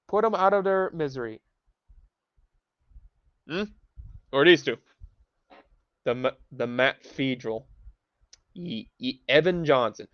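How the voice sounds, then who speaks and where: A man's voice: medium pitch, a bit bright, no room sound. Young male streamer, profane heated rant mixed with Spanish words, dry muffled home mic. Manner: mixes in Spanish phrases. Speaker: livestream host. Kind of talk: ranting livestream commentary.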